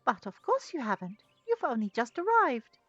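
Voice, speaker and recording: A tiny, chirpy forest creature squeaks high and bright, bouncing up at the ends of its lines, as a woman streamer puts it on. The sound is a touch dull and lo-fi, like a home stream mic. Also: sing-song, moderate pace, no echo, faint music behind, heavily acted. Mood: curious. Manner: chirpy, ends lines with a cute verbal tic.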